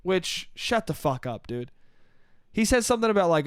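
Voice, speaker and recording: A man with a high voice rants through a story on his solo comedy podcast. He sounds exasperated, swears freely and keeps saying "dude." The sound is dry and close, with no room echo. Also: big pitch swings, moderate pace, smooth. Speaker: podcast host. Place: New York.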